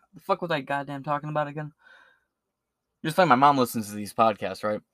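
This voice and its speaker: A man's voice: mid-range voice, expressive, a little fast, a bit bright, dry recording, studio quality. A man hosting a podcast, ranting in a crude, rambling way with constant swearing. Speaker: podcast host. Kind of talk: free-form profane rant.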